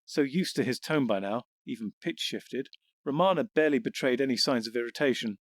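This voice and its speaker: Male narrator, measured storytelling; mid pitch, dry close booth. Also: dry recording. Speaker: audiobook narrator. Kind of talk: scripted narration.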